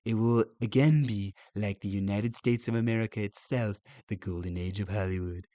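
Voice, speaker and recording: A man putting on an impression of a blustering older male politician, with halting, repetitive phrasing. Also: fairly low pitch, dark tone, no echo, pitched below the performer's own voice, lightly acted. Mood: mock-pompous.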